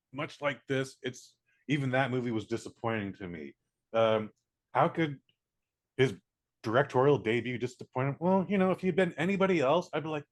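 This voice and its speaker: A man giving a casual spoken movie review, blunt and profane, acting out scenes in quick little voices. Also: medium pitch. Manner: blunt, profane, animated, mimics characters.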